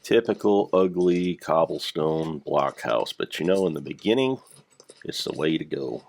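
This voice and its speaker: An older man with a gravelly voice, rambling through casual gameplay commentary with dry dad jokes. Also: rumbling low, expressive, a little slow, darkish tone. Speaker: Minecraft let's player.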